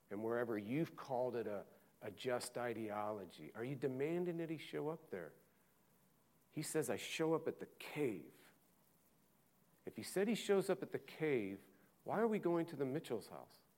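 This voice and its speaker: Man preaching a dramatic sermon. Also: on the low side. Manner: swings from loud urgent preaching to hushed slow reading. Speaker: pastor.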